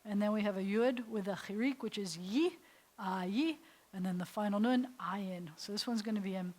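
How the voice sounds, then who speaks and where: A woman's voice: medium pitch, fairly quick, darkish tone. A woman rabbi teaching a beginners' Hebrew class, patiently sounding out syllables and repeating them, sometimes correcting herself as she goes. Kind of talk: classroom lesson. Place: synagogue classroom.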